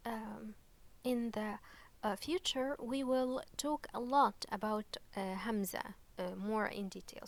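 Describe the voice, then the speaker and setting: A woman teaching an online lesson, patient and unhurried, checking in often with "okay?" and pausing on fillers. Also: mid-range voice. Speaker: Arabic teacher.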